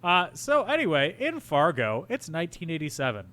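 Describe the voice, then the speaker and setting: A young man co-hosts a podcast in a loose, playful way, often teasing his friend. His voice is bright and a little high for a man, and his pitch bounces around a lot. He sounds like he is always ready to crack a joke. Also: wildly swooping pitch, normal speed. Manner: playful teasing, bursts into silly put-on accents. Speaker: podcast co-host. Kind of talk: casual chat.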